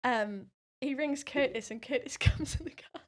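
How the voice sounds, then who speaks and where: A young woman telling a story as a podcast guest, animated, laughing often and swearing freely. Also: high-pitched, moderate pace, few pauses. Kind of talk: casual storytelling.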